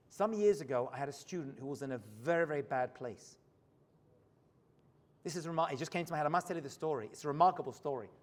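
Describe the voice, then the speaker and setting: A man preaching a storytelling sermon as a rabbi in a synagogue, swinging from hushed asides to loud high points. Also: long reverb tail.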